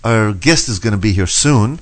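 A man's voice: on the low side, lively intonation, normal speed. A man hosting a talk show in casual banter, stumbling over his words and chuckling as he tells jokes. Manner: stumbling, chuckling joke-teller. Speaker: radio show host.

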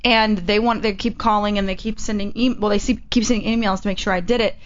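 A woman's voice: medium pitch, steady tone, fast talker. A woman hosting a casual chat, telling rambling stories with many restarts, on a muffled recording. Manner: chatty storyteller, rambling with restarts. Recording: muffled lo-fi with faint hiss.

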